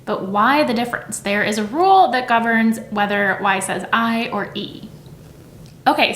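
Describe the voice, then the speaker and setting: A woman's voice: medium pitch, a bit bright, echoey room, a little hiss or hum. Chatty woman teacher explaining phonics. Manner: conversational, frequent "right?" checks, demonstrates sounds aloud. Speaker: teacher and educator.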